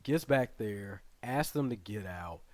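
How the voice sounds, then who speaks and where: A man's voice: on the low side, expressive, takes it slowly, a little mellow. A man hosting his channel, casually retelling a show's plot in a rambling way full of fillers and asides. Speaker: channel host reviewing a series. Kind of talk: casual spoken plot recap.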